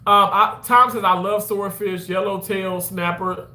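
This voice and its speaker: A man chatting casually with his viewers on a livestream, animated and quick to exclaim. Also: sits high, roomy sound.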